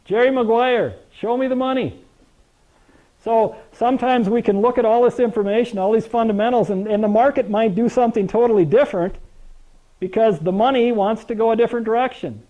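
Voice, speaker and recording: Older guy presenting to a room, high voice but mellow, folksy jokey storyteller, kinda muffled lo-fi audio. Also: fast talker. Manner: folksy storyteller, jokes with the audience, asks rhetorical questions. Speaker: grain marketing presenter. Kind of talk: presentation to a live audience. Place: meeting room with an audience. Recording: dull lo-fi recording.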